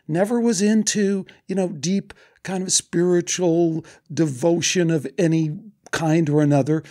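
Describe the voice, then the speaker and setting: A man's voice: fairly high pitch, vocal fry, mellow. A man with a Chicago accent hosting a podcast, talking earnestly and with enthusiasm about spiritual seeking. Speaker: podcast host. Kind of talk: casual interview chat.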